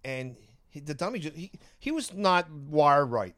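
A man's voice: a little high, big pitch swings, fairly bright tone. Rambling man telling comedy stories. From Philadelphia area. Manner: rambling, halting, laughs often. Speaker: comedian guest. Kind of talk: casual chat, storytelling.

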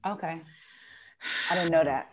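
A woman co-hosting a podcast in casual chat, with quick, wry interjections. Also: low-pitched, a crowd in the background. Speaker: podcast co-host.

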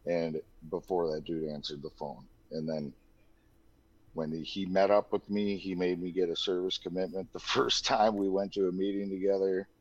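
A man's voice: low-pitched, little pitch movement, normal speed, no echo. A man in his thirties telling his own story in a loose, candid way, full of "like" and "dude". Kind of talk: casual personal storytelling. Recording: dull lo-fi dry recording.

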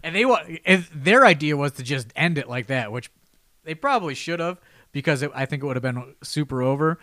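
A man's voice: on the high side, expressive, brisk, bright, forceful tone, no room sound. A man hosting a casual podcast chat, telling a long, rambling anecdote with lots of "you know" and false starts. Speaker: podcast host telling a story.

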